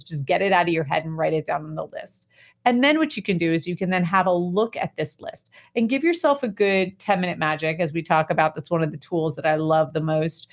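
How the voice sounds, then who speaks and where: A woman with a slightly low voice hosts a talk show and coaches a guest. She explains in an animated, conversational way, full of "like" and "right". She sounds casual and encouraging. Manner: animated, chatty explaining with many fillers. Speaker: host and life coach.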